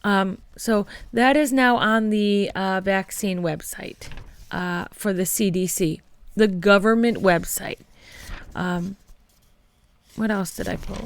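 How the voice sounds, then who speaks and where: A woman's voice: medium pitch, creaky. A woman hosting a political commentary podcast, who gets worked up and talks straight to her listeners as friends. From Michigan. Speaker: podcast host.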